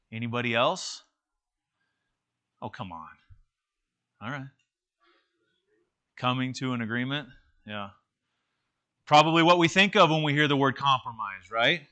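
A man's voice: on the high side, sharp tone. A man teaching an interactive church lesson in a conversational way, with many fillers and restarts.

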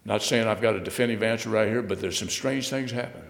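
A man's voice: fast, vocal fry. Man preaching in a reverberant hall. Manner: swings from loud emphatic bursts to low quiet asides. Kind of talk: scripture-reading sermon.

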